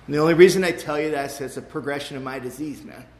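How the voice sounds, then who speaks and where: A frank, streetwise man delivers a personal recovery testimony to a live audience, speaking emphatically with quick repeats and casual tags. His voice sits a bit high for a man. The room around him is echoey. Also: a little mellow.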